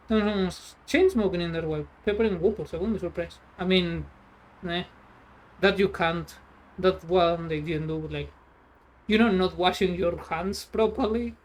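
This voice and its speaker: A streamer chats casually while playing a trucking game, rambling sarcastically and swearing freely. The voice is mid-range, with a measured pace and frequent pauses.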